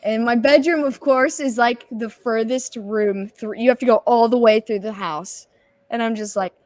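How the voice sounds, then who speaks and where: A woman's voice: medium pitch, a little fast, no room sound. A young woman co-hosting a podcast, casually telling a long personal story and acting out the quotes with lots of expression. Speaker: podcast co-host.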